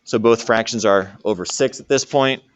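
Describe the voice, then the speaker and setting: A man's voice: on the low side, normal speed, dry recording, lo-fi sound. A man teaching a math lesson to a classroom and joking with his students as he works through problems. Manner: jokey, talks to students while working problems. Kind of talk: classroom lecture.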